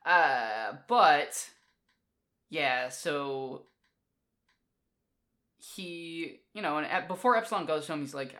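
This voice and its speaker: A woman's voice: low-pitched, slow pace, pauses often. A woman co-hosting a podcast, chatting casually and animatedly about a comic, swearing now and then. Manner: animated, swears casually, acts out characters in quotes. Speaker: podcast co-host. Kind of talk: casual chat.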